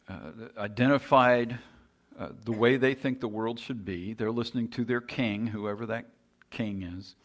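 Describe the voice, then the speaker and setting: A man with a lowish voice preaches a sermon earnestly and emphatically, shifting between quiet passages and loud, raised points.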